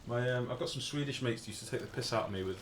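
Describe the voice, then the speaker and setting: A man's voice: medium pitch, racing, a little hiss or hum. British guy streaming a game, jokey and chatty, echoey room. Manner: self-mocking, chatty, joking with chat. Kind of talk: casual gameplay commentary.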